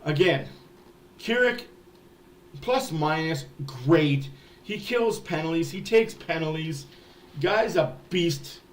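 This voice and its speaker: A man's voice: on the high side, lively intonation, slow pace, pauses often. A man hosting a hockey fan livestream, ranting in a heated, profane way. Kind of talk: ranting sports livestream talk.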